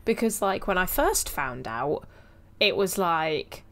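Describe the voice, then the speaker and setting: A woman in her twenties chats on a podcast, laughing easily and often. Her voice sits a little lower than most women's, and she answers her co-host in a loose, chatty flow. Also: big pitch swings, takes it slowly, fairly bright tone. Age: 20s. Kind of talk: casual chat.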